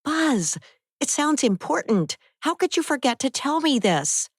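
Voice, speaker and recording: Woman voicing a high, urgent Abby. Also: sing-song, no room sound, studio quality. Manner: quick, urgent. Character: harried adult woman friend on the phone.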